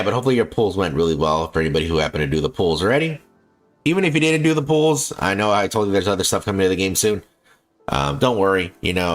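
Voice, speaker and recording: A male streamer chatting casually and rambling while he plays, full of fillers and restarts, with a bassy voice. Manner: rambling, filler-heavy, restarts often, laughs easily. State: feels like coughing. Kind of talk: casual live-stream chat while gaming.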